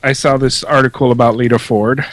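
A man's voice: medium pitch, fairly even intonation, a little fast, dry recording, low-quality recording. A man co-hosting a casual online chat show, joking and teasing and laughing often. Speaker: podcast co-host.

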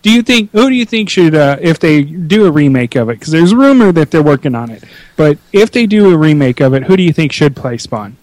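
Rambling higher-voiced man, dry sound. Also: sing-song, fairly quick, darkish tone, no room sound. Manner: rambling, hesitant, many restarts. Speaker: podcast co-host. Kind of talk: casual chat.

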